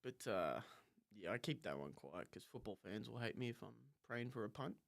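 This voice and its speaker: A man's voice: fairly low pitch, normal speed, gravelly, dry recording, clean studio sound. A young Australian man with an Australian accent, chatting casually as a podcast guest, laughing often and poking fun at himself. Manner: laughing, animated, self-mocking. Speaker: guest, college punter.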